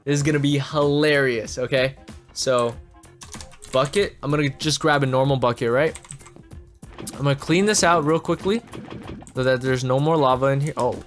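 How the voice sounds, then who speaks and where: A man hosting a gaming channel, giving excitable gameplay commentary straight to his viewers. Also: medium pitch, normal speed, pauses often, soft background music.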